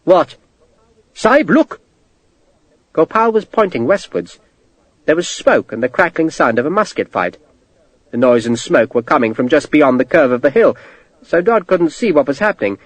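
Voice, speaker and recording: A man reading a war novel aloud, his pitch rising and falling vividly through the action. The recording is dry and close, with no echo at all. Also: fairly quick. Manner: expressive storytelling delivery. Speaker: audiobook narrator. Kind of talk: scripted narration.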